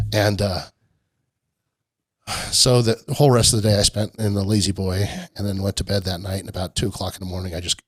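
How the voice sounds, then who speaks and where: A man's voice: sits low, a bit bright, husky, no room sound. A middle-aged man, a podcast guest, telling a long rambling story in a casual interview and laughing often. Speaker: podcast guest, off-road park owner.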